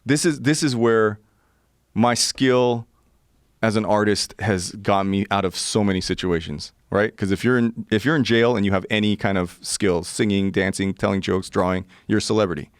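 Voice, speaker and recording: A man in his forties telling a story in casual chat, animated and laughing often as he acts out the people in it. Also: lowish voice, moderate pace, clean tone, no echo, clean studio sound. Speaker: podcast guest.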